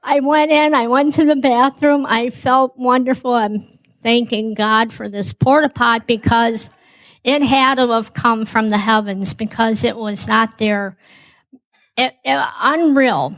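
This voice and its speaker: A woman's voice: fairly high pitch, steady tone, unhurried, a bit bright, poor audio. A woman telling a personal story as a guest, acting out both sides of the conversation. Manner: acts out dialogue, says "I go" often.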